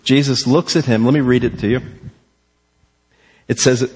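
Preacher in a reverberant hall. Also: male voice, mid-range voice, normal speed, pauses often, breathy edge. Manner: animated, rhetorical questions, acts out quotes. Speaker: pastor. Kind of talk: sermon.

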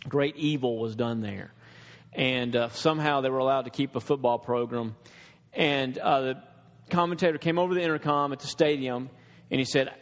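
A man's voice: medium pitch, steady tone, normal speed, in a large hall. A man preaching a sermon in an earnest, conversational way, with restarts and asides to the congregation.

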